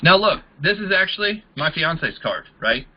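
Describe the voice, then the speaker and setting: High-voiced man coaching recruiters. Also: very animated, moderate pace, lo-fi sound, background noise. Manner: casual, acts out both sides of conversations. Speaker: network marketing trainer. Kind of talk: training talk to a group.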